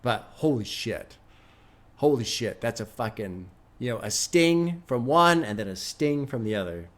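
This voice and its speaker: A man's voice: medium pitch, very animated, unhurried. A man hosting a music reaction, talking through his thoughts in casual, reflective commentary. He swears often, and he is near tears. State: near tears, emotionally moved.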